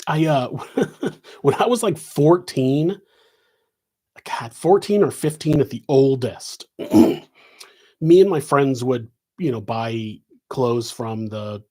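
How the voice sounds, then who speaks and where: Speaking slowly in a mid-range, darkish voice, a middle-aged man answers viewer questions on a live stream from his home office. The chat is rambling and loose, with many restarts.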